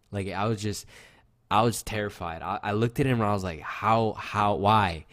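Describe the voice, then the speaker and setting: A man co-hosting a podcast, rambling through casual chat with lots of fillers and easily shocked reactions. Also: fairly low pitch. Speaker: podcast co-host.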